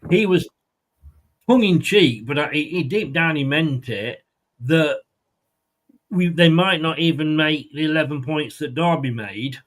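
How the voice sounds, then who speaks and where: Brief: male football show host, casual, rambling, full of ums and restarts, voice a touch high. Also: unhurried, a bit bright. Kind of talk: casual chat.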